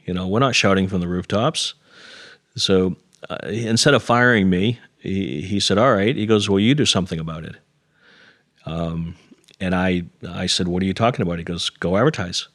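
In this conversational storytelling, a middle-aged man appearing as an interview guest shares something personal, earnest yet self-deprecating, voicing the dialogue himself. His voice is low and fairly bright, at a normal speed. The studio-quality audio has no echo.

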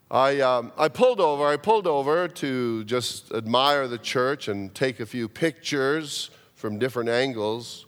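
A man preaching a sermon in a church, telling a story with plenty of restarts and repeated words. His voice rises and falls a great deal as he acts out what others said, but his pace stays slow and unhurried. A long reverb hangs behind him in the big hall. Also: mid-range voice, fairly bright tone. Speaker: pastor. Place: church sanctuary.

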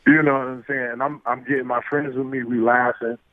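A man tells stories as an interview guest, lively and loose, full of restarts and little acted-out exchanges. His voice comes through a tinny, phone-like line, dry and close. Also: mid-range voice, fairly quick, no room sound. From New York. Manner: animated, acts out quoted exchanges, many fillers and restarts. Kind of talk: casual storytelling.

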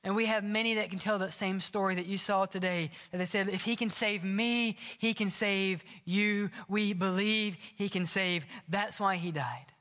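A man preaching a sermon as pastor, impassioned and earnest, sometimes dropping his voice low for emphasis. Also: moderate pace, hardly any pauses, pushed and bright. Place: large church sanctuary. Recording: long hall reverb.

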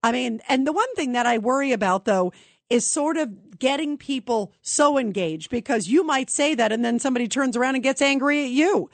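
A woman's voice: sits high, expressive, a little fast, no room sound. A woman hosting a call-in radio talk show, chatting with callers and asking their views. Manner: conversational, asks callers questions.

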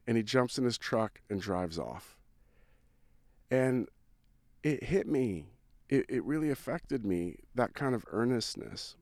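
A man's voice: mid-range voice, expressive, slow pace, long pauses, darkish tone, no room sound, studio quality. A man from California, a songwriter, telling a personal story in a casual, earnest, rambling way with many fillers and restarts. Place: van on a town street.

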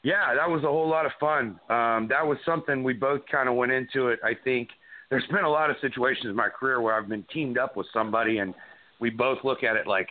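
Talking a little fast in a mid-range voice, a middle-aged man who wrestles tells rambling stories packed with fillers and false starts during a relaxed interview. The audio sounds tinny, like a phone line.

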